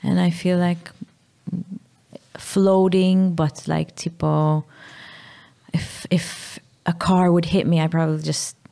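A Maltese-accented woman, a mother talking candidly about her sick child, pausing and searching for her words. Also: on the low side, level tone, gravelly, mellow. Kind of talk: candid emotional conversation.

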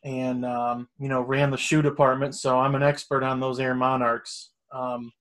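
A man's voice: medium pitch, little pitch movement, normal speed, fairly bright tone. A middle-aged man telling a long story in casual chat, rambling and swearing freely. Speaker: storyteller guest.

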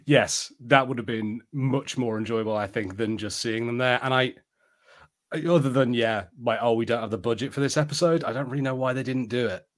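A young man co-hosting a podcast in casual chat, full of fillers and now and then rushing into fast spurts. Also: mid-range voice. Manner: chatty, filler-heavy, spurts of fast talk. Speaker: podcast co-host.

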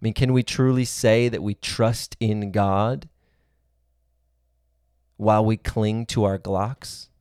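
A man's voice: lowish voice, steady tone, slow, pauses often, darkish tone, clear, resonant tone, dry recording, studio quality. A man giving a sermon-style teaching, earnest and reasoning aloud, building his points in long spoken lists.

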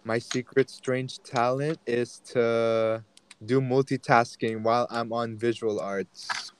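A man's voice: mid-range voice, fairly even intonation, slow, clean tone. A teenage boy chatting casually on a remote call and asking the group questions, easygoing. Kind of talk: casual chat.

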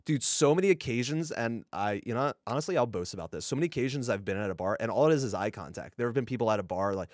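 A man co-hosting a casual podcast, telling animated stories and acting out what people said. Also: mid-range voice, fast, few pauses, no room sound, clean studio sound. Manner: storytelling, animated, swearing, acting out quotes. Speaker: podcast co-host.

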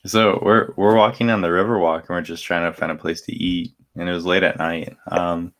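A man's voice: low-pitched, level tone, brisk, fairly bright tone. A young man co-hosting a podcast, chatting casually with lots of fillers and restarts. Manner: rambling with many fillers and restarts. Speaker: podcast co-host. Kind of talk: casual chat.

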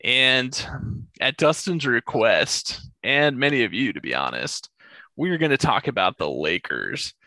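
Lively, bright-voiced male podcast host. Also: mid-range voice, measured pace, no echo. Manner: animated storytelling, laughs often. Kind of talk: casual sports chat.

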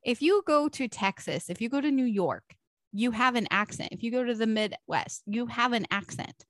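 A woman's voice: fairly high pitch, animated, moderate pace, dry recording. A young woman with a Californian accent chatting casually, telling stories, laughing a lot and saying dude and like often. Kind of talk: casual chat.

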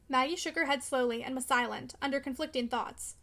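A woman narrating a classic novel in a measured, steady reading. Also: sits high, gravelly. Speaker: audiobook narrator.

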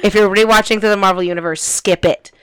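A woman's voice: medium pitch, steady tone, fast talker, a bit bright, smooth. Young woman, casual chat, blunt storyteller, swears a lot, filler words. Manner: blunt storytelling, swears freely, many likes. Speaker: co-host telling a story.

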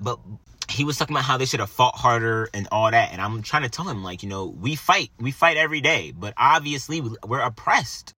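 A young man in casual chat, telling a profane, animated story full of quoted dialogue. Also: mid-range voice, fairly quick, slightly rough, no room sound.

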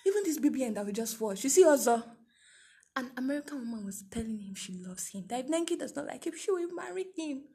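A young woman with a Nigerian accent chats as a co-host, her voice set slightly higher than most. She talks in a lively, theatrical way, full of exclamations and laughter. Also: fast talker. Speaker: podcast co-host. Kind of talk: casual chat.

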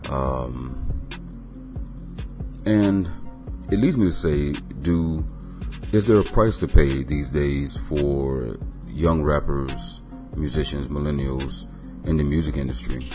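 A man's voice: a bass voice, slow pace. A man hosting his own music podcast, talking loosely with many ums and uhs. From Florida. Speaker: podcast host. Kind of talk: casual podcast monologue.

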